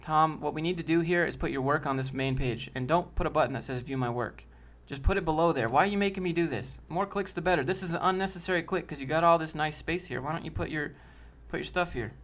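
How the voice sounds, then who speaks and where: A man's voice: fairly high pitch, quick pace, few pauses, fairly bright tone. A man hosting a casual livestream, answering chat in a loose, slangy way and calling people dude and bro.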